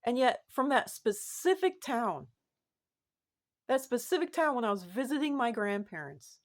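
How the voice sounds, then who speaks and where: A woman vlogger talking casually to the camera, rambling and repeating herself, with sudden animated rises in her voice. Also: on the high side, unhurried. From United States.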